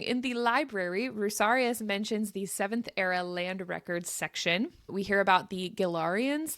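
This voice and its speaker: Bright-voiced woman podcast co-host. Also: medium pitch, dry recording, studio quality. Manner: chatty, giggly, explains terms. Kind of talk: casual podcast chat, reading a pronunciation guide.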